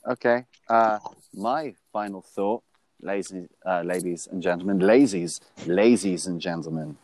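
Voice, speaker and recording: A man's voice: deep voice, fairly even intonation, measured pace, a little mellow, no echo. A man co-hosting a casual podcast, rambling in an easygoing, slangy way over a remote call. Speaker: podcast co-host.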